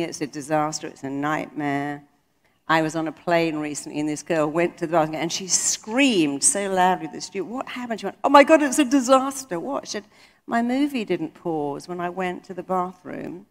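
A middle-aged woman speaks in a motivational talk, her voice sitting fairly low. She drives her points home emphatically and slips into quoted voices. The sound rings with the long reverb of a large hall. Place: conference hall.

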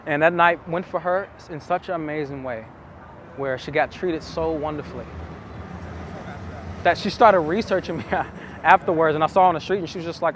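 A man's voice: a little high, brisk, fairly bright tone, a little hiss or hum. A man coaching on dating, telling stories to camera in an earnest, intimate way, repeating phrases for emphasis. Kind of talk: casual storytelling to camera.

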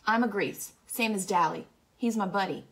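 A woman's voice: medium pitch, moderate pace, gravelly, pitched above the performer's own voice, natural voice. A woman reading the lines of a shy, earnest young teenage boy.

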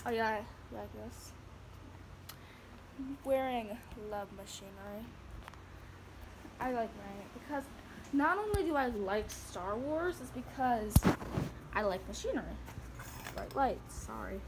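A woman's voice: fairly high pitch, animated, unhurried, pauses often, noisy background. A woman giving a rambling, giggly home-tour vlog, recorded on her phone indoors. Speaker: vlogger.

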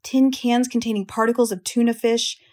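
A woman's voice: a little high, steady tone, normal speed, darkish tone, close to an everyday voice. A woman doing a knowing old sheep. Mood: coaxing.

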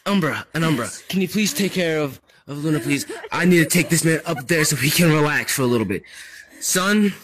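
Guy running a minecraft roleplay, bit high voice, keeps repeating firm orders. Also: animated, fairly quick, low-quality recording. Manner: firm, repeating commands loudly. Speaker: roleplay channel host.

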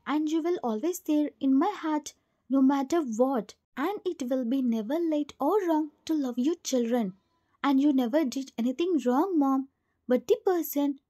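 Cold paralyzed young man, heartfelt and earnest, read by a woman, high and soft-toned. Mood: consoling.

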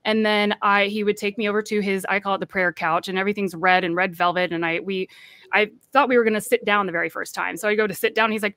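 A woman's voice: medium pitch, fairly even intonation, quick pace, a bit bright, no room sound. A woman guest recounting a personal story in earnest, acting out the voices of people she quotes.

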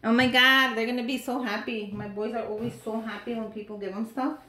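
A woman vlogger opening gift mail, chatting casually to viewers and gushing with excitement over each item. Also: on the high side, fairly quick, slight background noise. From United States. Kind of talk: casual unboxing chat to viewers.

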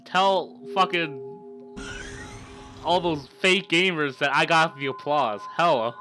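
A man with a cold, casually commenting on a game he plays, swearing and breaking into loud frustrated outbursts. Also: a little high, takes it slowly, faint music behind. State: sick with a cold, coughing. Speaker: gaming streamer. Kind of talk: casual let's-play commentary.

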